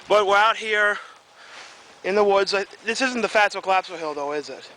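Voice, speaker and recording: A young man with a hoarse voice, chatting and joking to camera in a casual vlog, recorded on a camcorder. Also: sits high, moderate pace, pushed and bright, poor audio. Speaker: vlogger. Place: outdoors in woods, then indoors at home. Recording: faint background noise.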